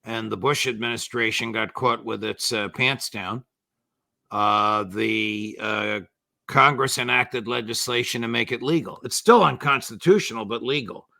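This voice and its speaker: An older man, a former judge, giving measured but indignant political commentary with sarcastic asides. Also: mid-range voice, creaky, pushed and bright, dry recording.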